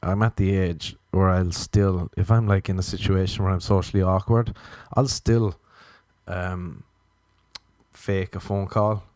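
A man's voice: low-pitched, steady tone, measured pace, darkish tone, dry recording. A man, delivering a self-mocking comic monologue. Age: 30s. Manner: ranting, self-mocking, acts out his own inner voice. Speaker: comedian.

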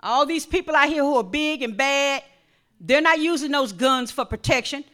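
A woman preacher delivering a sermon, reading scripture and building to shouted calls to the congregation. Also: sits high, normal speed.

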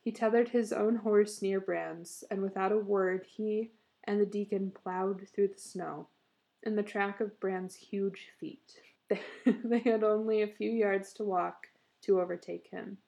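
A woman reads a short story aloud at a steady, measured pace. Her voice is gravelly, with a dark, mellow tone. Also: medium pitch. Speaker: narrator.

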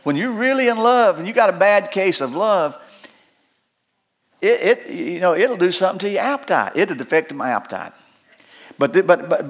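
A male pastor delivering a sermon in a notably high voice. He speaks in a folksy, homespun way, repeating key phrases and rising into impassioned stretches. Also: fairly bright tone. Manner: folksy, repetitive, builds to impassioned peaks.

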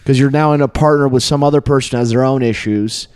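Relaxed man musing in casual chat. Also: mid-range voice, quick pace, smooth, no room sound, studio quality. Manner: relaxed, reflective, frequent short agreements.

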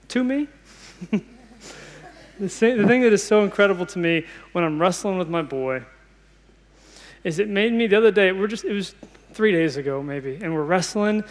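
A man's voice: sits high, in a large hall. A man in his thirties preaching a sermon, earnest and conversational, often restarting his sentences.

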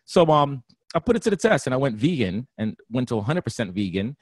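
A man, a guest personal trainer on a radio interview, talking in an animated, laugh-prone way. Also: mid-range voice, a little fast, slightly rough, dry recording. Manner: animated, laughs often, slips into playful voices.

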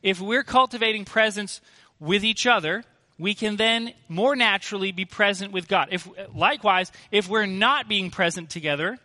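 Pastor guy preaching, high bright voice, slow and earnest, big hall echo. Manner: earnest, emphatic preaching with rhetorical questions. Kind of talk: sermon.

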